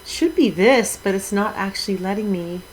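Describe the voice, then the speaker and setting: Chatty mom gaming streamer. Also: female voice, mid-range voice, normal speed, a little hiss or hum, low-quality recording. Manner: chatty, exclaims with mild minced oaths. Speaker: Twitch streamer. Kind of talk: casual gaming livestream chat.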